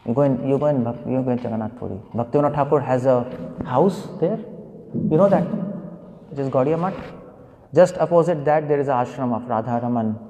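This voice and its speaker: A male preacher gives a loose, wandering scripture class, quoting verses and asking his listeners questions. His voice is dark and mellow with a gravelly edge. A long reverb trails his words through a temple hall. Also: mid-range voice. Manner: digressive, thinking aloud.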